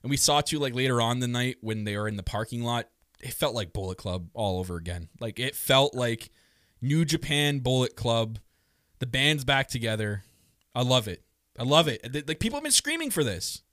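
A man co-hosting a podcast in casual wrestling chat, excitable and joking, often restarting his sentences. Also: medium pitch, moderate pace, dry recording, clean studio sound. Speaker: podcast co-host.

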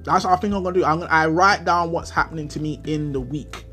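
A man's voice: on the high side, quick pace, sharp tone, faint music behind. A young man with a London accent hosting a solo podcast, telling a story as an indignant, slang-heavy rant full of rhetorical questions. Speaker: podcast host.

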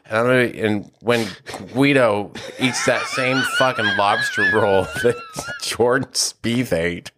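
A man's voice: medium pitch, wildly swooping pitch, slow pace, few pauses, very noisy. A man co-hosting a golf podcast, ranting in mock anger, swearing and joking with his co-host. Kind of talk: casual chat.

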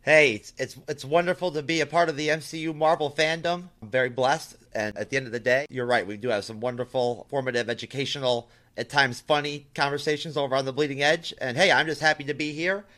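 A man's voice: medium pitch, quick pace, hardly any pauses, a bit bright. A man chatting as a podcast guest, laid back and chatty with many fillers. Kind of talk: casual chat.

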